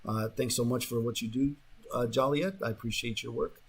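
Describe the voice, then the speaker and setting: A man's voice: medium pitch, steady tone, a little fast, gravelly, slightly rough. A man hosting a talk radio show, rambling in a casual monologue full of fillers and restarts, sometimes mocking the voices of the people he quotes, in a radio studio.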